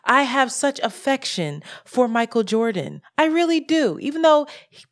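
A woman co-hosting a podcast, talking casually in a profane, animated rant about money and frustration. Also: sits high, normal speed. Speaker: podcast co-host. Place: lives in Brooklyn.

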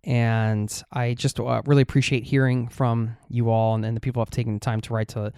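A man's voice: mid-range voice, level tone, a little fast, warm tone, smooth, dry recording, studio quality. A man hosting a travel podcast, talking in an earnest, heartfelt way with frequent fillers. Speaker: podcast host. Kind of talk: casual podcast chat.

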